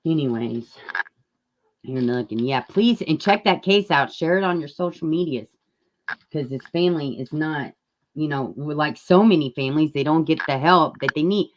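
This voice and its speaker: A woman's voice: sits low, normal speed. A woman chatting casually on a live stream, rambling and greeting viewers in the chat. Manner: occasional mic dropouts. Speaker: true-crime live streamer.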